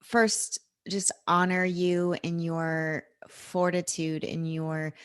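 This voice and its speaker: A woman's voice: fairly low pitch, level tone, takes it slowly, smooth, dry recording, studio quality. A woman hosting a casual podcast interview, supportive and affirming as she listens and asks questions. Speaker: podcast host.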